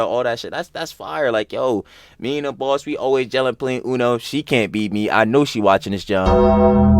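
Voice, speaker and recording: A man's voice: on the low side, no echo. A young man hosting a reaction video, ranting heatedly with profanity and repeated exasperated outbursts. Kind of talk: casual reaction commentary.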